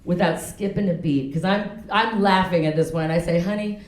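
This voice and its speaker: A woman's voice: fairly low pitch, normal speed. A woman in her forties doing a stand-up comedy set in a comedy club, talking frankly and laughing at her own jokes. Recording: echoey club with loud crowd. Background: audience laughter.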